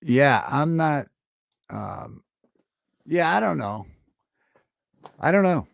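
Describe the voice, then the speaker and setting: A man hosting a casual livestream talk show, chatting with viewers in a halting, rambling way with many fillers and restarts. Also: fairly high pitch, very animated, creaky, dry recording, studio quality. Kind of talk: casual livestream chat reading viewer comments. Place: home studio.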